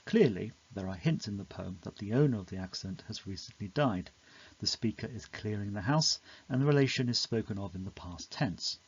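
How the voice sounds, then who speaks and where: A man reading a scripted, measured explanation of a poem in an educational narration. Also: lowish voice, animated, husky, muffled recording.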